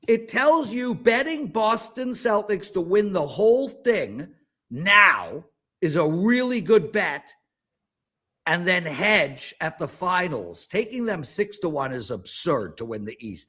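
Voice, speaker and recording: A man in his fifties, a sports betting handicapper in casual panel chat, ranting in an animated, self-mocking way. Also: high-pitched. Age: 50s.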